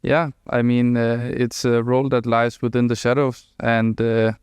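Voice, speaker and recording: Brief: measured deadpan male guest, flat and clear. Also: medium pitch, dry recording, clean studio sound. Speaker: esports player guest.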